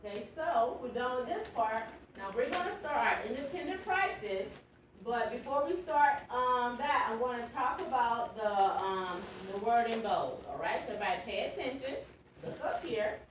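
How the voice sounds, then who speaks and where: A woman's voice: on the high side, moderate pace, background noise. A woman teacher leading a phonics lesson, patiently prompting students and calling on them by name. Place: classroom. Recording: echoey room from a distance.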